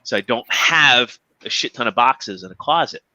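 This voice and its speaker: A man's voice: mid-range voice, expressive, normal speed, pushed and bright, lo-fi sound. A man co-hosting a podcast, chatting casually about his toy collection, rambling and restarting his sentences often. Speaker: podcast co-host. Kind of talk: casual chat.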